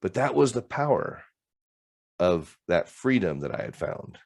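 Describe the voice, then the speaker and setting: A man's voice: low-pitched, sing-song, unhurried, vocal fry, darkish tone. A middle-aged man giving an earnest personal testimony as a recovery coach, talking from a home office over a video call. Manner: earnest, storytelling with frequent "right?". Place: home office with green screen.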